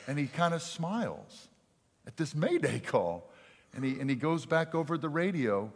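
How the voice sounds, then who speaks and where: A male pastor preaching a sermon earnestly, swinging from forceful emphasis to hushed, quiet lines. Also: on the high side, sing-song, a little slow, long pauses. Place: church sanctuary. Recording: church hall reverb.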